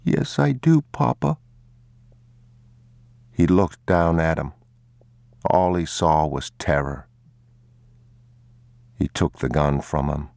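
A man reading a story aloud in a slow, grave, hushed manner. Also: a bass voice, fairly even intonation, no room sound. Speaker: narrator. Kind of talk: audiobook narration.

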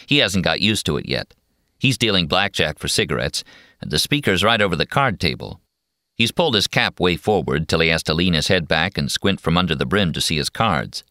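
Male audiobook narrator, very low voice, bright tone, dry close sound. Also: very animated, brisk, no room sound. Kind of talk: first-person novel narration.

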